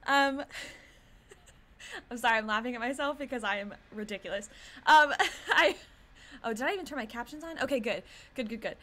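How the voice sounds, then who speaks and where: A woman's voice: on the high side, normal speed, pauses often, pushed and bright. A woman streamer chatting casually to her viewers, giggling at herself and rambling with lots of fillers. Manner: giggly, self-mocking, rambling with many fillers. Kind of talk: casual chat to a live stream.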